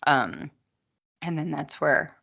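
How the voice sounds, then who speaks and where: A woman's voice: sits low, expressive, slow, creaky, bright, forceful tone, lo-fi sound. A woman guesting on a podcast, talking casually and at length, with many asides. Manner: long-winded, chatty, many asides. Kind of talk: casual chat.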